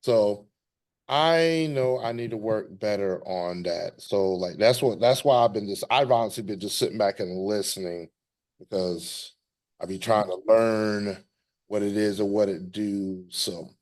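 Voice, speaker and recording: A man's voice: lowish voice, unhurried, a little mellow. A man hosting a casual podcast conversation, talking in a reflective, rambling way with frequent restarts. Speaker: podcast host.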